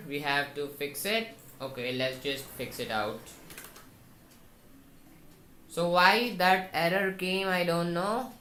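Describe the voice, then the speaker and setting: In a screen-recorded coding tutorial, a woman with a low, fairly bright voice thinks aloud and walks viewers through each step of the code. The room is echoey, with faint noise and the sound of keyboard typing.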